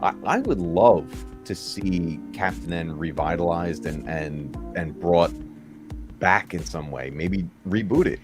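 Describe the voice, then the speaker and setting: A man with a very low, deep voice hosts a casual live stream. He talks in a rambling, nostalgic way, chuckling as he goes. Music plays clearly behind him. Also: takes it slowly. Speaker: stream host. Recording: music playing under the voice.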